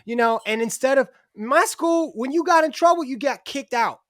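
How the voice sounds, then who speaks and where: A man's voice: extremely high pitch, lively intonation, normal speed, a bit bright, dry recording, studio quality. A middle-aged man talking candidly as a podcast guest, restarting his sentences and swearing casually. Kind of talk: casual conversation.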